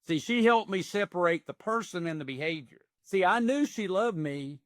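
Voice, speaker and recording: A man's voice: high voice, animated, normal speed, dry recording, clean studio sound. A man in his sixties, an executive coach, telling stories in earnest with folksy phrasing in a podcast interview. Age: 60s.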